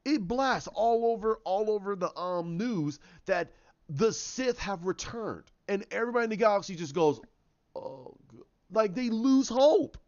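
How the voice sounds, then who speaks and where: A man retelling a story idea in casual talk, animated and full of restarts and sound effects as he acts out the scenes. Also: high-pitched, normal speed, highs cut off. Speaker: channel host.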